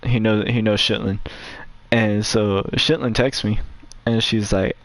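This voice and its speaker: A man's voice: lowish voice, steady tone, unhurried, no echo. A man hosting a gaming channel, telling a rambling, profane story in casual chat, with frequent fillers. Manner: profane, rambling, acts out quotes in a raised voice.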